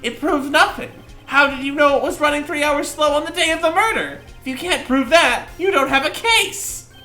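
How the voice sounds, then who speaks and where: A man voicing a sweaty, self-pitying male witness in a game, yelling indignantly in a put-on accent. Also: high voice, normal speed, soft background music, voice pushed up. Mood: gloating. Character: ranting sweaty middle-aged male witness.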